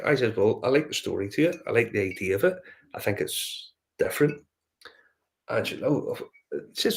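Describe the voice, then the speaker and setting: A man with a Northern Irish accent chats casually as a whiskey show host, his voice sitting a little low. He tells his stories in a loose, rambling way, stopping for fillers and restarting his sentences. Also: expressive, a little fast, creaky. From Northern Ireland. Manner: rambling anecdotal storytelling with many fillers and restarts. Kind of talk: casual chat.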